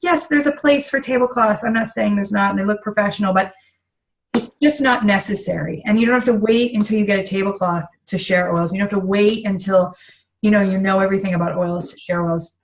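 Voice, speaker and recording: A middle-aged woman talks casually to a group she is training. She is chatty and full of asides, and her voice sits at an ordinary pitch for a woman. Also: fairly quick, low-quality recording. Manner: chatty, many fillers and asides. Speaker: essential oils business trainer.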